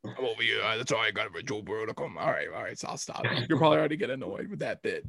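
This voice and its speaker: Gravelly-voiced man on a sports podcast. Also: lowish voice, expressive, racing, bright, forceful tone. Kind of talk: casual chat.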